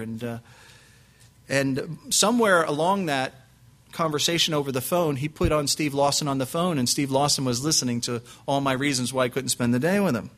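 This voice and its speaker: Bright-voiced storytelling male pastor. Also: mid-range voice, normal speed. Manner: animated anecdote with acted quotes, frequent restarts and laughs. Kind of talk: preaching storytelling.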